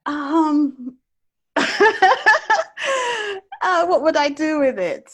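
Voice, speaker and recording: Brief: woman guest, high-pitched, unhurried, hesitant and reflective. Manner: thoughtful and hesitant, pausing to think. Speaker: interview guest. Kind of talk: casual interview chat.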